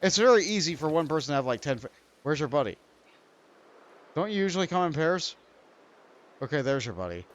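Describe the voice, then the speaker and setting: A man's voice: a little high, sing-song, fairly quick, pauses often. A young man streaming a video game, rambling and poking fun at himself while he talks to the creatures on screen. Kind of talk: let's play commentary.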